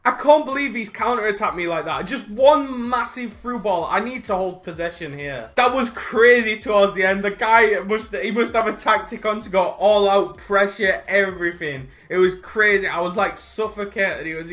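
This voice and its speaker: A young man giving live commentary over his own gameplay from home, swinging from excited cheering to frustrated outbursts. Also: high-pitched, normal speed, few pauses. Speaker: gaming youtuber. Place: home room by a window.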